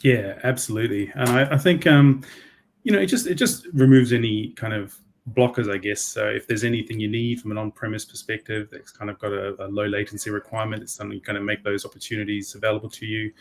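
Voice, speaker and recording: A man's voice: fairly low pitch, steady tone, quick pace, a little hiss or hum. A man from New Zealand, a guest in a casual tech chat, talking in an easygoing way with fillers. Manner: easygoing, laughs easily, many fillers. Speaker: guest, solutions architect.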